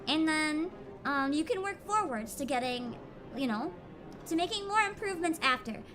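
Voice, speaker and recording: A woman streaming a video game, chatting casually and getting emotional, with loud outbursts and laughter. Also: high-pitched, expressive, normal speed, over music. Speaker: VTuber streamer. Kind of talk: casual game livestream chat.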